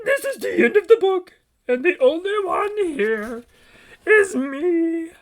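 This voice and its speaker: A man's voice: very high-pitched, big pitch swings, slow, pitched above the performer's own voice, exaggerated voice. A man voicing a lovable, anxious old male furry monster in a children's storybook read-aloud, pleading frantically in formal speech without contractions. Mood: sheepish.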